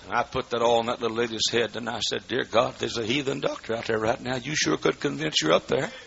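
A man preaching a sermon as pastor in a church, swinging between shouted fervor and hushed storytelling. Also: mid-range voice, steady tone, quick pace, creaky. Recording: dull lo-fi recording with faint noise.

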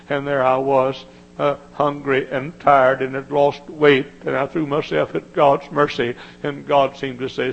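A man preaching a sermon, with emphatic repetition and dramatic swings from hushed tones to shouting. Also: medium pitch, steady tone, moderate pace, vocal fry, poor audio.

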